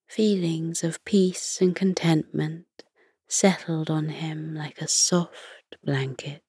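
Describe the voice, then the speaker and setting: A woman narrating a soothing bedtime story in a soft, hushed voice that often slips into a whisper. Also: lowish voice, slightly rough, dry recording, studio quality.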